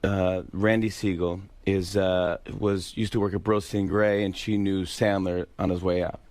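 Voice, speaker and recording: A young man talking as a guest in a casual radio interview, easygoing and quick to laugh. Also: low-pitched, level tone, a little mellow, dry recording. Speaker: guest comedian. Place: radio studio.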